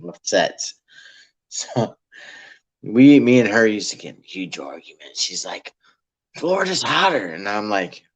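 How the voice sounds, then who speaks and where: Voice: sits low, expressive, a little slow, poor audio. A guest from Louisiana with a Louisiana accent, chatting animatedly with emphatic delivery and frequent laughter. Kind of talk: casual chat.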